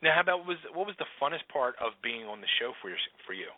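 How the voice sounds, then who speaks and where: A man hosting a radio interview in a relaxed, conversational way. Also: mid-range voice, fast, no room sound, phone-quality sound. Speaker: radio show host.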